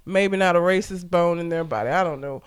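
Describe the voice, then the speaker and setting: A woman's voice: fairly low pitch, a little fast, clean tone. A young woman co-hosting a casual chat, candid and laughing often as she tells stories. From Southern United States. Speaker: podcast co-host.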